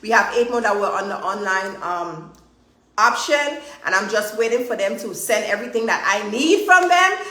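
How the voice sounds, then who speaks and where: A woman hosting a live stream as a trainer, chatty and energetic, driving her points home with repeated "okay?". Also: mid-range voice, normal speed, echoey room. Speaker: host and trainer. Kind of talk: live-streamed motivational chat.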